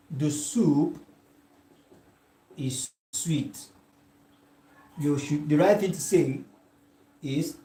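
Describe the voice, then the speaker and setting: A male tutor with a Nigerian English accent giving a classroom lecture. He dictates slowly, repeats examples word by word and keeps asking "all right?". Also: on the high side, mellow. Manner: slow and dictating, checks in with "all right?" after nearly every phrase; repeats example sentences word by word for note-taking. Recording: echoey room.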